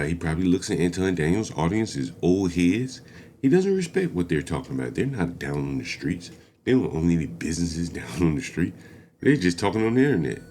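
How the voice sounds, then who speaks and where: A man hosting commentary on a clip, speaking in a measured, analytical way and chuckling between points. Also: low voice, mellow. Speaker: commentary host.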